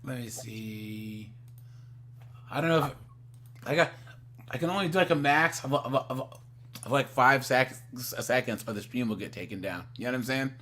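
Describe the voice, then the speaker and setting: A man's voice: mid-range voice, normal speed, pauses often, a bit bright, slight background noise. A man hosting a casual live stream, giving blunt opinions with lots of stumbling restarts.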